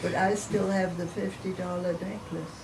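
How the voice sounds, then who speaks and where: A woman's voice: fairly low pitch, little pitch movement, normal speed, gravelly. A woman in her eighties, a chatty storyteller who laughs between her anecdotes in an oral history interview. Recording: distant mic with background noise.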